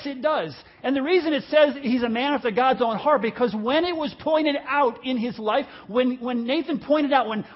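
A male pastor preaching a sermon in a church service, telling a story in an animated way and acting out the voices in it. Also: sits high, slightly rough, lo-fi sound.

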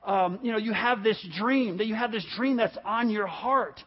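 A male pastor preaching a sermon, animated and storytelling, acting out the voices in the stories he tells. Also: sits high, moderate pace, breathy edge. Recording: dull lo-fi audio.

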